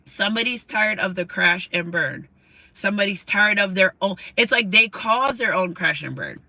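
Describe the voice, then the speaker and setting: Give me a woman doing a tarot reading in an emotional, casual way, repeating herself and swearing freely, with a very bright, cutting voice. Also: mid-range voice, normal speed, vocal fry, no room sound, poor audio. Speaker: tarot reader. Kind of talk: tarot card reading to camera.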